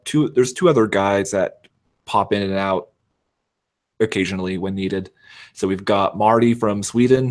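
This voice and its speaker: Low-voiced man rambling in casual chat. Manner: rambling, self-deprecating, many fillers. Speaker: podcast guest.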